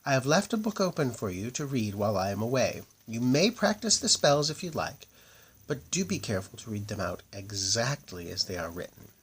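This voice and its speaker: A man voicing a kindly, brisk witch who teaches a princess, in a raised, quick voice. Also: mid-range voice, big pitch swings, fairly bright tone, slightly rough.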